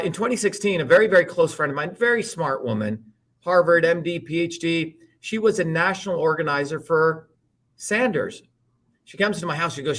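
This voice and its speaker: A man talks as a guest in a heated political interview, with a fairly high voice. He rants hard, swears freely and hammers points home with repeated rhetorical questions. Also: a bit bright. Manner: emphatic, profane ranting with repeated rhetorical questions.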